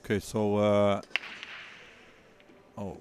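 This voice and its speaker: A man giving relaxed, chatty live commentary on a pool match, chuckling often. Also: on the low side, drawn-out words.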